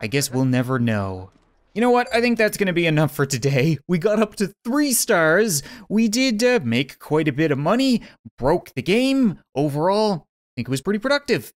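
A man's voice: a little high, sing-song, moderate pace, dry recording. A young man commentating a life-simulation game in a casual, sarcastic way, laughing often. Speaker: gaming commentator.

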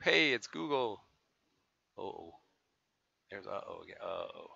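Streamer, male, gravelly and sharply bright, excitable and swearing, dull lo-fi stream audio. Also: on the low side, a little slow. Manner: excitable, swears, taunts other players. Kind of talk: live gameplay commentary.

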